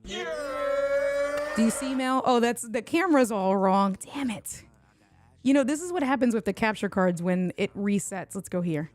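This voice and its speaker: A woman's voice: fairly high pitch, animated, normal speed, a little mellow. Chatty woman streaming a tech unboxing. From Puerto Rico. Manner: chatty, banters with viewers in chat. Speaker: tech livestream host. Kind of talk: casual livestream unboxing.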